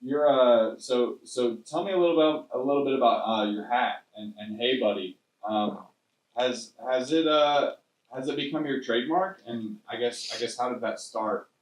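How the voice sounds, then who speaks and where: A man's voice: mid-range voice, moderate pace, distant mic. A man asking interview questions, often stumbling and restarting his sentences. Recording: roomy, off-mic.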